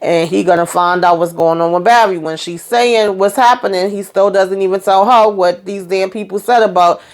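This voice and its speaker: A woman's voice: medium pitch, fairly even intonation. A woman casually recapping a TV episode, chatty and colloquial, with fillers and mild cursing, acting out the characters' lines. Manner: acts out characters' lines in quick voices. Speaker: TV recap vlogger.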